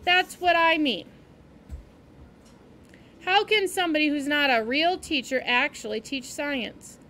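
A woman's voice: high voice, measured pace, bright, forceful tone, a little hiss or hum, exaggerated voice. A woman voicing a rude, sarcastic ten-year-old schoolboy with a mocking, sneering way of talking.

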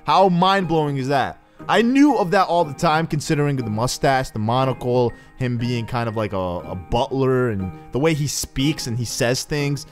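A man hosts a let's play with casual, rambling commentary full of jokes. His voice rises and falls with lively swings of pitch. Faint music sits behind him. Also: normal speed, few pauses. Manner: rambling, joking, says "man" often.

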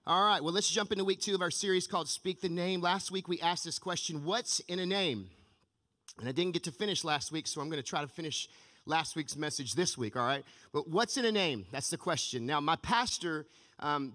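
A male pastor preaching with a fairly high voice and an energetic storytelling manner. His sermon rings through a large church hall with a long reverb tail. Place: church sanctuary.

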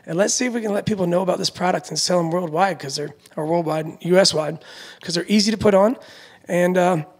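A man in his thirties, originally from Florida, talks about his business as a guest in a relaxed interview. His voice has a gravelly edge and sits a touch high for a man. He tells his story at an easy pace, with plenty of ums and you-knows. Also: quick pace. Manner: relaxed storytelling with many fillers. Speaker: guest, roller dealer. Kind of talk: casual interview chat.

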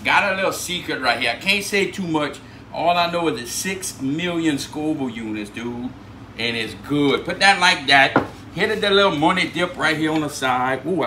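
A cooking channel host with a Cajun Louisiana accent presents a cooking video in a laid-back drawl, saying "dude" a lot. His medium-pitched voice comes at a moderate pace, with a roomy sound and a noisy background.

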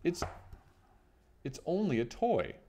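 A confident young boy mouse from a picture book who waves away every worry in a bright, lifted, sing-song tone, as a man reading the story puts him on. He sounds calm and a little teasing. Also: fairly high pitch, slow, a little hiss or hum, voice pushed up, exaggerated voice. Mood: dismissive. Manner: brushing off fears with a lilting scold. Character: calm, bold young male mouse, dismissive.

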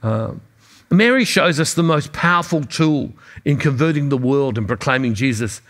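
A man's voice: medium pitch, lively intonation, normal speed, fairly bright tone. A man preaching an earnest sermon, often repeating words as he builds a point.

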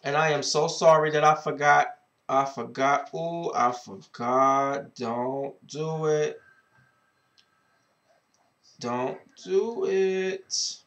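A man's voice: fairly high pitch, a bit bright, lo-fi sound. A man giving dating advice in a casual vlog. He is sassy and outspoken, swears freely, and keeps drawing out a greeting catchphrase. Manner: repeats a drawn-out greeting catchphrase. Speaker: advice vlogger.

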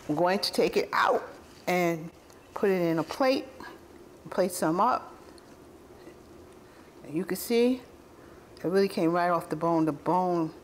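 A woman's voice: fairly low pitch, slight background noise. A woman hosting a casual home-cooking video, chatty and rambling, often correcting herself mid-sentence and chuckling as she tastes the food. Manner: warmly enthusiastic about the food, chuckling. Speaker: cooking channel host.

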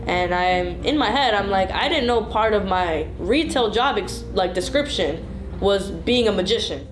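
A woman's voice: medium pitch, animated, measured pace, music in the background. Sarcastic teen girl, echoey room. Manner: dry, sarcastic storytelling. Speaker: student retail worker. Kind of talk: casual anecdote.

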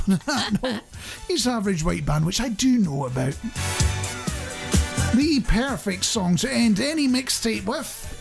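A man's voice: high-pitched, lively intonation, a little slow, vocal fry, faint music behind. A man co-hosting a radio show, chatting casually and joking at his own expense with a chuckle. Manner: self-mocking, chuckling, chatty. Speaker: radio co-host.

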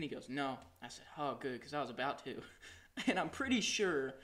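A man's voice: medium pitch, a little fast. A young man telling stories in casual podcast chat with friends. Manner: animated storyteller. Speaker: podcast co-host.

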